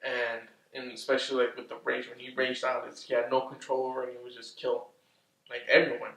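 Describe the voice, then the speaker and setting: A man casually recapping a film's plot, rambling, swearing often and getting excitable. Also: mid-range voice, fairly quick, vocal fry. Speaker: movie reviewer. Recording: roomy, distant from the mic.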